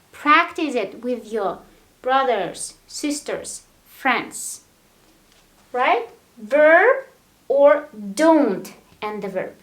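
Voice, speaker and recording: A woman with a fairly high voice teaching an English grammar lesson at a very slow, deliberate pace. She repeats each example patiently and checks in with "right?" again and again. The room around her is echoey. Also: big pitch swings.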